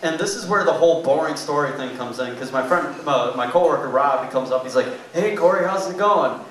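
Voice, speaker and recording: Medium-pitched and fast-talking, a young man works through a stand-up set at a small club. He rambles in a loose, filler-heavy way, recorded from a distance in an echoey room with slight background noise.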